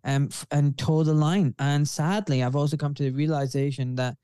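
In a relaxed interview, the guest, a surgeon from Scotland in his forties with a refined accent, talks earnestly and bluntly, peppering his speech with "you know." His voice is a little high, mellow and clean, with fairly even intonation, a moderate pace, and no room sound.

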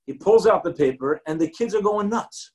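A man, a rabbi, giving a Torah lecture as an animated storyteller who acts out the quotes and mixes in Hebrew and Yiddish terms. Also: high voice, normal speed, poor audio.

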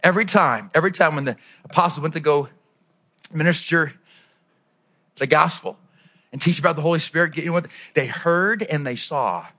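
A man preaching a lively sermon as pastor, dropping to low asides and rising to shouted peaks. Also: normal speed, long pauses, highs cut off.

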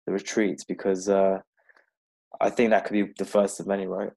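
A man hosting a casual interview, talking in a relaxed, rambling way with plenty of fillers. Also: deep voice, normal speed, gravelly. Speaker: podcast host. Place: London-based.

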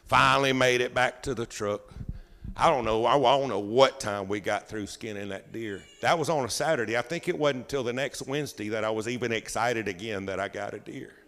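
A man pastor preaching a sermon as a folksy, animated storyteller. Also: mid-range voice, a little fast, in a large hall. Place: church sanctuary.

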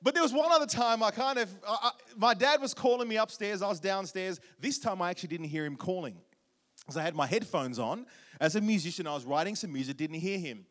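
A man preaching a sermon, warm storytelling with jokes and questions to the congregation. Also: high-pitched, fast talker. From Australia. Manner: humorous, audience-engaging storytelling. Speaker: guest preacher.

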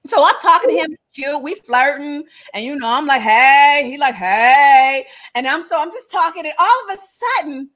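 A woman telling a funny family story in a casual, animated way, often laughing and acting out what people said. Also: high-pitched, a little fast, few pauses. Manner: animated, laughing, acts out dialogue.

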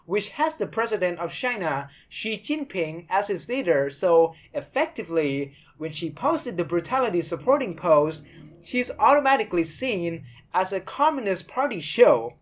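A woman hosts her podcast with opinionated commentary that is blunt and sarcastic, and she swears freely. Her voice sits fairly low. Her pitch swings widely. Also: very animated, normal speed. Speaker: podcast host.

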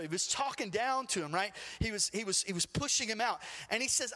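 Male pastor, high tenor, vivid storyteller, church hall reverb. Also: fairly quick, hardly any pauses. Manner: storytelling, animated retelling with acted quotes. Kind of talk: sermon.

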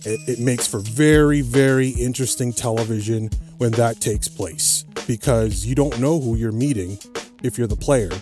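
Man, podcast host, casual rambling talk, fillers and restarts, average pitch, soft music behind. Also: moderate pace. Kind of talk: casual solo podcast chat.

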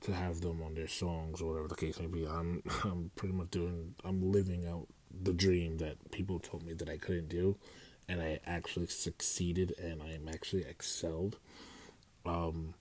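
A man's voice: sits low, flat delivery, normal speed, darkish tone. A young man rambling through a casual solo podcast, with many fillers and restarts. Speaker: podcast host.

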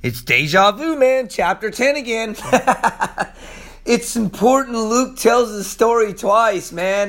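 A man preaching a casual, energetic sermon as pastor, hoarse from allergies, chatty and excitable, laughing often and calling people "man". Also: high voice.

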